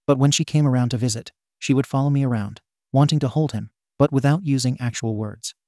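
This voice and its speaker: A man's voice: mid-range voice, a little fast, dark tone, no room sound, clean studio sound. A man narrating a forum story aloud, reading abbreviations letter by letter.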